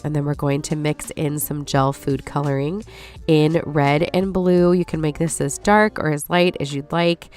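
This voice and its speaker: A woman in her forties with a stuffy, nasal voice from allergies, chatting viewers through a recipe as a lifestyle host. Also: low-pitched. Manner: chatty, apologetic, warm asides to viewers. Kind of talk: casual recipe voice-over. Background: soft background music.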